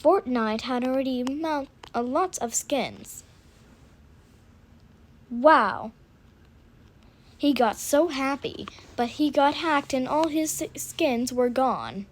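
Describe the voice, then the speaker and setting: Woman making up a story as she goes, slow, stops n restarts a lot, kinda high. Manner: halting, with restarts and self-corrections. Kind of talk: improvised story narration.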